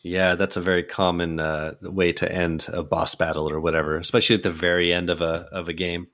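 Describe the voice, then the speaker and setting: Low-voiced easygoing man hosting a podcast. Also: brisk. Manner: relaxed, easygoing, trails off with fillers. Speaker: podcast host. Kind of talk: casual movie podcast chat and scene narration.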